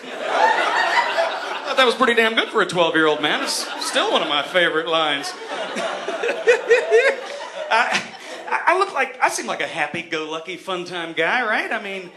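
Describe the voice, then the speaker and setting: Southern guy doing stand-up, cussing a lot, pitch jumping all over, echoey theatre w/ loud noise behind. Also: measured pace, pauses often. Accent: Southern American. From Tennessee. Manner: animated, profane, acts out voices. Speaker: stand-up comedian. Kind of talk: stand-up routine. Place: theatre stage.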